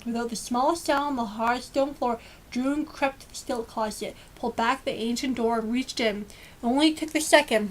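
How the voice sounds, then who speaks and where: Lady reading a kids book out loud, expressive, kinda high voice. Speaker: storybook reader. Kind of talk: reading a children's book aloud.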